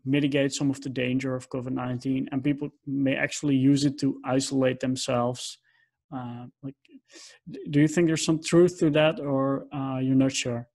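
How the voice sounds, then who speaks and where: A man hosts a conversational interview at a mid pitch that is ordinary for a man. He is hesitant, fills his speech with ums and likes, and lets his questions trail off unfinished. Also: vocal fry, a little mellow. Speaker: podcast host.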